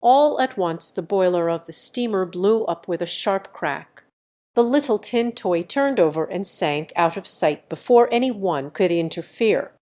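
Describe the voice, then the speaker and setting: A woman narrating a classic novel as an audiobook, in a measured, even storytelling manner. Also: lowish voice. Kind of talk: scripted narration.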